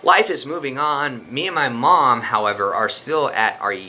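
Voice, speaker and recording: A man's voice: mid-range voice, normal speed, sharp tone, slight background noise. A young man telling a story from his own life in a loose, rambling way, swearing often and filling his talk with "like" and "you know.". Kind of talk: casual spoken storytelling.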